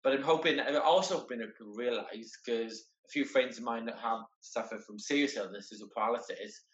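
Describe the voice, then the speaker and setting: A man talks in a middle-pitched voice, earnest and halting, doubling back over his words as he goes. He is heard over a video call, and the sound is roomy and a little dull and lo-fi. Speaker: guest, wheelchair marathon entrant. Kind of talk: casual conversation.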